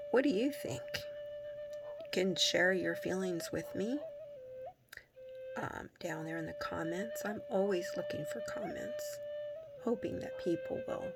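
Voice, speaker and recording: Slow, rambling woman vlogger. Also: mid-range voice. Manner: rambling, many ums, soft whispered asides. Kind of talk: casual talk to camera.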